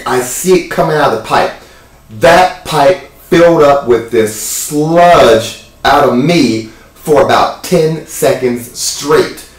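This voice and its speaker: A man giving an animated, jokey spoken account in a casual vlog. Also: on the high side, slow, reverberant, distant mic, poor audio. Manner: animated, chatty storytelling with jokes. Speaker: wellness vlogger.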